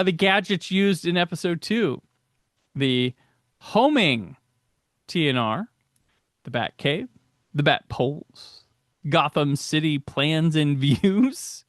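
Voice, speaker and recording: A man's voice: a little high, a bit bright, no echo, studio quality. A man hosting a casual commentary podcast, chatty and laughing often, restarting his sentences. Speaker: podcast host.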